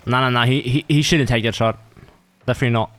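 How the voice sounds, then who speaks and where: A young man streaming a game live, excitable and swearing as he banters with a teammate. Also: mid-range voice, quick pace, no room sound. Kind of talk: live gaming stream chat.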